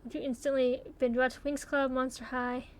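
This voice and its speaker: A young woman chatting casually as she takes online quizzes, swearing freely and thinking out loud. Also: high-pitched, flat delivery, normal speed. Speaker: YouTuber taking online quizzes. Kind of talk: casual commentary while playing.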